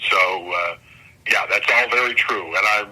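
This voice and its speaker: A man's voice: on the low side, unhurried, pushed and bright, breathy edge, poor audio. An older man, a comic artist guest, talking casually and enthusiastically in an interview, often restarting his sentences. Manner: rambling, self-correcting, enthusiastic.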